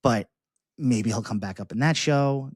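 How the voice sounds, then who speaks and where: A man co-hosting a podcast in casual chat, talking in halting bursts with frequent restarts. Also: medium pitch, a little mellow, breathy edge, no room sound, clean studio sound. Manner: halting, many restarts and fillers. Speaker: podcast co-host.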